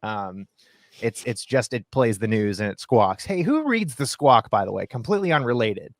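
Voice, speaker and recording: Guest trader, male, from Ohio, mid-pitched, loose rambling delivery with lots of ums, dry video-call audio. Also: very animated, moderate pace, no room sound. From Ohio, USA. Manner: rambling, many fillers and restarts. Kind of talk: casual conversational explanation.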